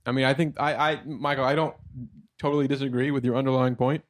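A man co-hosting a podcast in casual chat, making dry, deadpan jokes. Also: mid-range voice, fast, no room sound. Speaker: podcast co-host.

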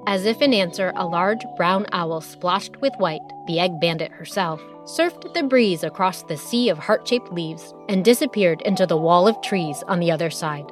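A woman narrating a children's story in a lively, expressive way, with music behind her. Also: fairly low pitch, normal speed, hardly any pauses.

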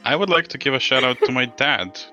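A man's voice: medium pitch, expressive, brisk, sharp tone, muffled recording, faint music behind. A man co-hosting a casual podcast chat, blunt, joking and swearing freely. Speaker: podcast co-host.

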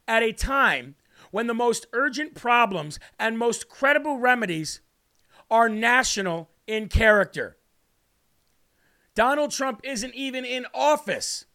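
Very high-voiced man ranting mockingly. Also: clean tone. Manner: mocking and ranting, with bursts of shouting. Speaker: livestream host. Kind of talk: political commentary livestream.

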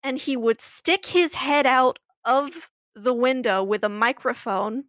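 A woman's voice: sits high, measured pace, fairly bright tone. Chatty woman telling a story. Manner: chatty, laughing, many fillers and restarts. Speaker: podcast co-host. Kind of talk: casual chat, storytelling.

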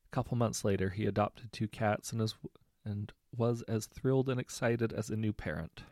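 A man reading short anecdotes aloud in a relaxed, conversational way, correcting himself now and then. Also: on the low side, moderate pace, no room sound, clean studio sound. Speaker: story narrator.

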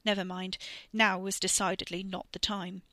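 Bright-voiced woman narrating a story. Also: medium pitch, normal speed, no room sound. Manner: expressive reading with voiced characters. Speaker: narrator and author.

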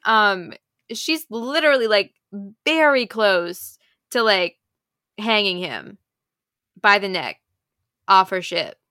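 A young woman co-hosting a podcast, retelling romance plots in an animated, breathless rush. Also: mid-range voice, slow, long pauses, clean tone, no room sound, clean studio sound. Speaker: podcast co-host. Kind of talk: casual chat about romance novels.

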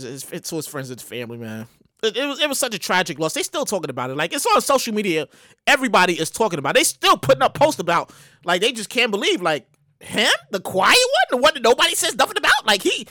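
In clean studio sound with no echo, a man with a high-sitting voice gives casual news commentary. He's animated, swears, stammers and restarts, and lets out sudden loud mock exclamations.

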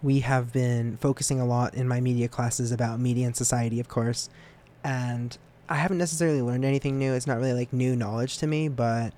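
A young man talks through a casual solo podcast episode in a loose, rambling way. He teases himself and often jumps up high in pitch, then drops back to his middle-range voice. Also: brisk, slight background noise. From United States. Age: young adult. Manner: rambling and self-deprecating, with lively jumps in pitch. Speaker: student podcast host.

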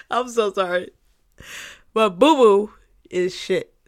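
A woman hosts a casual solo podcast monologue at medium pitch, taking it slowly. She's emphatic and repetitive, swears freely, and plays around, often breaking into laughter.

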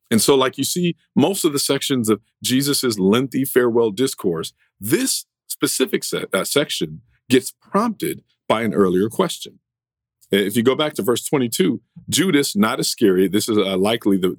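A man's voice: medium pitch, slightly rough, no room sound, clean studio sound. A man preaching a sermon as pastor, in a conversational style with occasional restarts. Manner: conversational preaching, varied delivery, brief restarts.

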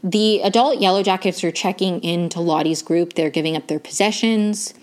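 A young woman in a casual, chatty recap of a TV season, full of "like" and "um" and quick restarts. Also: lowish voice. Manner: chatty, lots of "like" and "um", self-correcting. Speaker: recap host.

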